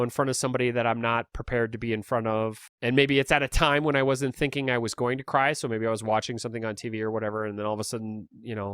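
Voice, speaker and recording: Relaxed, rambling man. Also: medium pitch, clear, resonant tone, no echo, clean studio sound. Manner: relaxed, rambling, self-deprecating with chuckles. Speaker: podcast host. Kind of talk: casual solo monologue.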